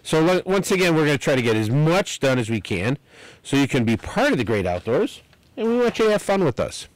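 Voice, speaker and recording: Male outdoors radio host, rambling and lively, dry studio sound. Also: on the high side, no echo, low-quality recording. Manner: chatty, rambling, repeats the phone number slowly. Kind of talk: live outdoors radio talk. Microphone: studio microphone.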